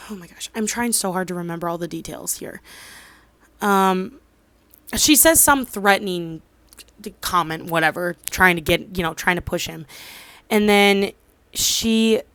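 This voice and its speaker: A woman's voice: medium pitch, unhurried, long pauses, a bit bright, smooth, dry recording. A woman in her twenties casually recapping a drama, rambling with lots of fillers and losing track of details. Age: 20s. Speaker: drama reviewer.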